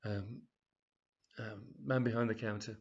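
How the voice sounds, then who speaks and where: A man's voice: on the low side, fairly even intonation, measured pace, breathy edge. A man reading his own comedy story aloud in a loose, conversational way, full of fillers and asides. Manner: rambling, with frequent fillers and "of course". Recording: dull lo-fi recording.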